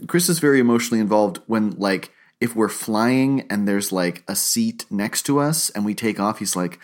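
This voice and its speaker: A man's voice: on the low side, normal speed, few pauses. A man co-hosting a podcast, chatting casually and acting out quotes with a raised voice as he tells stories. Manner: animated storyteller, acts out quotes in raised voice. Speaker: podcast co-host. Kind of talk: casual chat.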